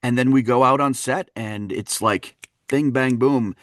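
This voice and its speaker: Animated wisconsin guy telling stories, laughs a lot, dry sound. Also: mid-range voice, a little slow, no room sound. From Wisconsin, USA. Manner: animated, laughing, fond of voicing characters. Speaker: dialect coach, guest. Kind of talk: anecdotal storytelling in a podcast interview.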